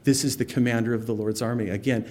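Man, pastor, conversational bible teaching, explains word meanings, mid-pitched voice. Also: steady tone, fast talker, darkish tone. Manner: conversational, explains terms, quotes scripture with feeling.

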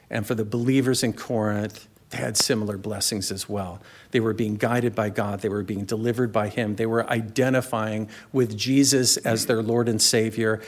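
A man pastor delivering a sermon in a conversational, storytelling way, with asides to the congregation. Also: mid-range voice.

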